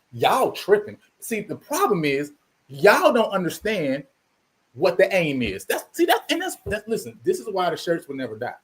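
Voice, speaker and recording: A man hosting his channel, delivering an emphatic, preachy commentary monologue and repeating himself for emphasis. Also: high voice. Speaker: channel host.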